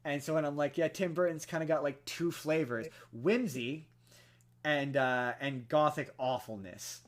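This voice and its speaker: A young man co-hosting a podcast, telling a film story in casual chat, full of fillers and restarts and growing animated as he goes. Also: fairly high pitch, a little slow. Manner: rambling with many fillers and restarts, animated when excited. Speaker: podcast co-host.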